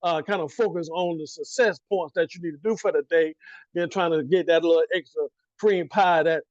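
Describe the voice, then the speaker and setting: A man coaching his listeners in a preachy motivational pep talk, talking straight at them in casual slang and answering his own questions. His voice sits high. The recording is dry and a little muffled. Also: fairly even intonation, fairly quick, no room sound.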